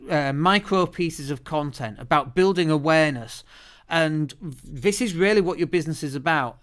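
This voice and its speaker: British male podcast host, fairly high, smooth resonant voice, lively chatty delivery, studio mic. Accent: British English. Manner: chatty, lively, often restarts words. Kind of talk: solo podcast monologue. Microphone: studio microphone.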